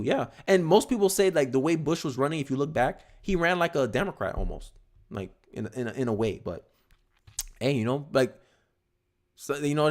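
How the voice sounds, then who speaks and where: This young man's voice sits in the mid range. He's livestreaming loose, energetic political talk, with rapid side comments and words that repeat once he builds momentum.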